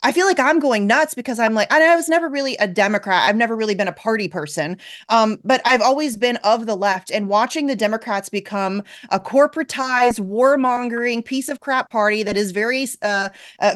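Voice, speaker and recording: Talk show host lady, kinda high voice, emphatic, says yes a lot. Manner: emphatic, agreeing, fast asides. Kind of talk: casual political talk show.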